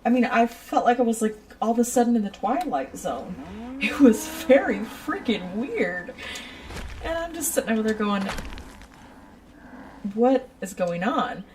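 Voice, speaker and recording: A woman's voice: on the high side, normal speed, far from the mic, crowd noise, rough recording. Woman telling a work story, off-mic. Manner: animated, acts out customers' voices, laughs often. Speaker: retail shoe store worker. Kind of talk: casual storytelling.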